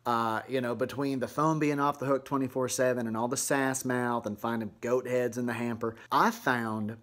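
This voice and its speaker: A man performs a middle-aged mom who hosts her own cheerful vlog. Her voice is chirpy and folksy at an ordinary middle pitch. She delivers strange, dark asides in the same sweet deadpan tone as her everyday chat. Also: moderate pace, lightly acted. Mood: chatty. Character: sugary Southern mom vlogger woman, middle-aged, eerie. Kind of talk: comedic vlog monologue to camera.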